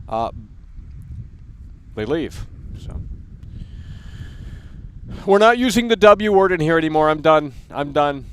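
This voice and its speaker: A man's voice: on the high side, slight background noise. A young adult man hosting a gaming livestream, ranting bluntly and casually with lots of swearing. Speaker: livestream host.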